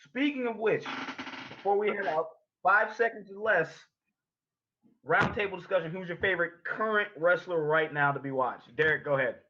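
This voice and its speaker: Man, podcast host, excitable, heavy swearing, high voice, lo-fi sound. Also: brisk. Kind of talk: casual podcast chat.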